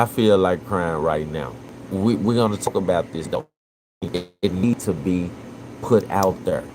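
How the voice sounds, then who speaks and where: A man's voice: on the low side, noisy background. A man, live-streaming emotional commentary and talking earnestly and repetitively to his chat.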